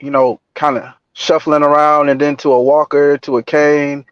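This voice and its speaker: A man calling in to a live stream, speaking haltingly and reflectively with many fillers. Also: fairly high pitch, little pitch movement, clear, resonant tone, no echo. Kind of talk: casual call-in chat. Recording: dull, dry call audio.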